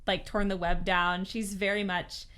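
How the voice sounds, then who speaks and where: Bright-voiced woman podcast co-host. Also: medium pitch, level tone, unhurried, clear, resonant tone. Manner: chatty, retells scenes with lots of "like" fillers and acted quotes. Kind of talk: casual book chat.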